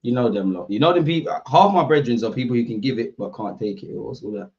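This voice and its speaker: A man's voice: medium pitch, fast talker, lo-fi sound. A young man hosting a football watchalong, chatting casually and animatedly with slang to his live viewers. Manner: animated, slangy, banter with chat.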